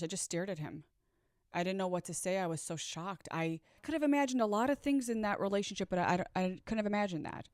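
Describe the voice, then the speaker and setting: Woman, lowish voice, candid chatty storytime straight to camera, dry close sound. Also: dry recording. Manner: candid, chatty, swears, speaks straight to viewers. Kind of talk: casual storytime monologue.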